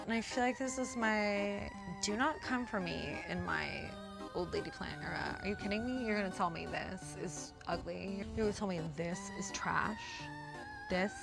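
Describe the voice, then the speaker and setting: A woman's voice: mid-range voice, creaky. A woman hosting a casual vlog, talking in a chatty, rambling, self-deprecating way with some swearing, over music. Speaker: podcast host. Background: background music.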